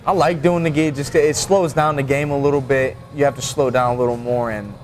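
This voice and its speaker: A man's voice: mid-range voice, steady tone, brisk. Laid-back rambling male fighter guest. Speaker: guest, mixed martial arts fighter. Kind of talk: casual podcast chat.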